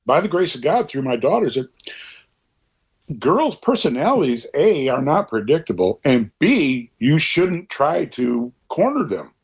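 An older man in an interview conversation, talking in an earnest, rambling way with animated asides, his voice a little husky. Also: a little high, unhurried.

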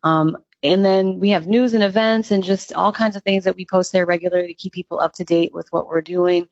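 A woman with a low voice answers interview questions in an upbeat, earnest manner, often pausing on "um". The sound is dry and a little dull. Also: fairly even intonation, a little mellow, no echo. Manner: upbeat, earnest, with frequent ums. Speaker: executive director of a youth music nonprofit.

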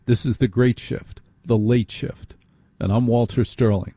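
Man, late-night radio host, dark mellow voice, slightly husky, dry close studio sound, repeats himself for emphasis. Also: mid-range voice, fairly even intonation, measured pace, dry recording. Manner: conversational, repeats phrases for emphasis, asks listeners rhetorical questions. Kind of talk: radio monologue.

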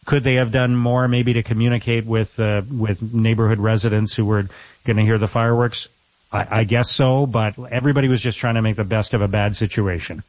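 A middle-aged man, a mayor interviewed on the radio, earnest and measured with frequent restarts. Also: lowish voice, steady tone, a little mellow, no echo. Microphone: phone. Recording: dull, dry phone line.

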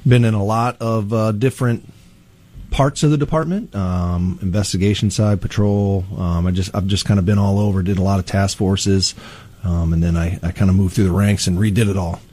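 A middle-aged man from Peoria, Illinois, a police chief talking through an interview in a relaxed way, with many ums and restarts. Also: low-pitched, moderate pace. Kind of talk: casual interview.

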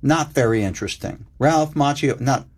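An older man talks as an interview guest, earnest and reflective. His voice sits in a middle pitch, and he piles up lists and slows down to stress a point. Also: animated, a little mellow, slightly rough.

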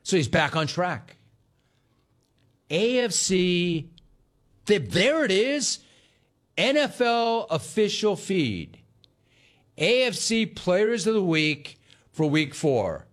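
Animated, fast-talking male sports radio host. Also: high-pitched. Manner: sarcastic, storytelling, impersonates callers and family.

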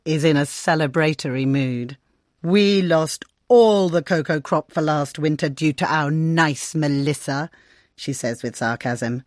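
A woman correspondent narrating a scripted radio report in a measured, descriptive way. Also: deep voice, no room sound, studio quality. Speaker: foreign correspondent.

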